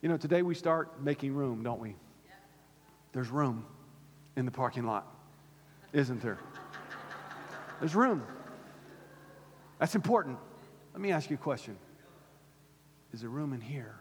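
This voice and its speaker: A pastor preaching a sermon to his church, swinging from fervent high calls to low, quiet points. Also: lively intonation, unhurried, long pauses. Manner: impassioned, rising to near-shouts then dropping low. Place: church sanctuary. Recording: long hall reverb.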